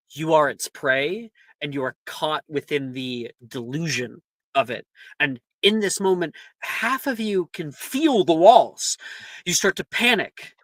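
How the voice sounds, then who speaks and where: Chatty game master with a bright voice. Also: medium pitch, no echo. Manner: loose, chatty narration with many fillers. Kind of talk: narrating a tabletop game.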